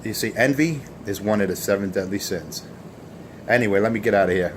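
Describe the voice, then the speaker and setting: A self-assured man with a fairly low voice hosts a CB radio show, taunting rivals with crude, boastful trash talk. A faint hum runs underneath. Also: fairly quick.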